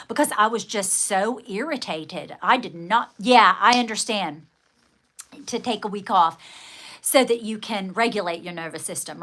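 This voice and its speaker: A woman hosting a casual livestream, chatting with viewers in a rambling, animated way and acting out dramatic quoted outbursts. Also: medium pitch. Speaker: livestream host.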